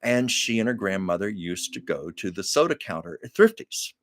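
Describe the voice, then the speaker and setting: Older guy doing a live chat, lowish voice, lots of ups and downs, dry sound. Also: big pitch swings, normal speed, dry recording. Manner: chatty storytelling, laughs often. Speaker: live stream host. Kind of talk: casual chat with live viewers. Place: Los Angeles.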